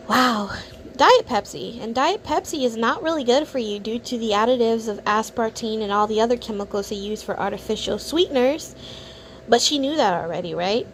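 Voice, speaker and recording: A woman's voice: a little high, a little hiss or hum. A woman hosting a reaction video, commenting in a sneering, contemptuous way.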